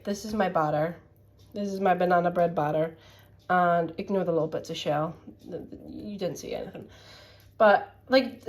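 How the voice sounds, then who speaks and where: Chatty young woman vlogging in an echoey kitchen. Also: mid-range voice. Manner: chatty, rambling, full of "like". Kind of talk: casual vlog chat. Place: home kitchen. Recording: echoey room.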